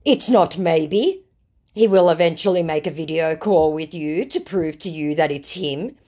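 A woman's voice: sits low, measured pace, mellow, pitched above the performer's own voice. A woman reading out the lines of a pushy male scammer who claims to be a celebrity's manager, insistent and evasive.

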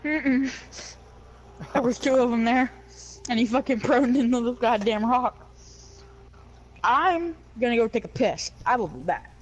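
High-voiced crude young woman gaming. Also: expressive, measured pace, pauses often, slight background noise. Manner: crude joking, giggly, swearing. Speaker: gamer. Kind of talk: casual chat while gaming.

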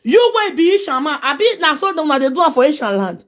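A woman's voice: high-pitched, big pitch swings, fast talker. A Nigerian woman delivering a heated, scolding rant in which she trades insults. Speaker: social media personality. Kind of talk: angry response rant.

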